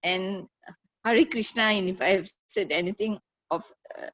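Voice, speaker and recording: A woman speaks with deep emotion about a personal memory, her words breaking into fillers and restarts. The audio is somewhat dull and lo-fi. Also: fairly even intonation, a bit bright. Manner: halting, with many fillers and restarts. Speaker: disciple sharing a remembrance.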